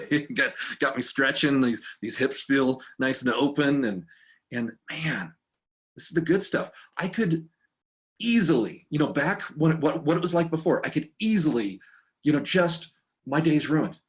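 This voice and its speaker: A man's voice: mid-range voice, a bit bright. A middle-aged man giving an informal dharma talk as a recovery meditation teacher, tired from poor sleep, meandering and heartfelt with frequent restarts, filmed on camera indoors in a friend's home. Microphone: camera in front of him.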